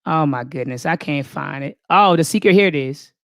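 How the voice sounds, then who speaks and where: A woman's voice: sits low, moderate pace, no echo, studio quality. Impassioned woman hosting a live stream. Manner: impassioned, preacher-like, calls the audience "family"; thinks aloud, restarts and repeats phrases. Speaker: host of a live online talk show. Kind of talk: impromptu live-stream commentary, reading viewer comments aloud.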